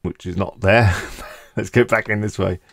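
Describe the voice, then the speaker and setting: Low gravelly man walking through a tutorial. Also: steady tone, normal speed, no room sound. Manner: casual, thinking aloud while clicking through. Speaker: tutorial host. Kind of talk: screen-recorded software tutorial.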